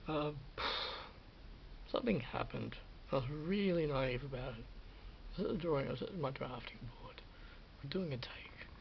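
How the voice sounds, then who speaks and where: With lively intonation, a creaky mid-range voice, and long pauses, a man of roughly fifty recounts his film work for a vlog at normal speed. He rambles and restarts, now and then sinking into a whisper. The recording is dull and lo-fi, with slight background noise.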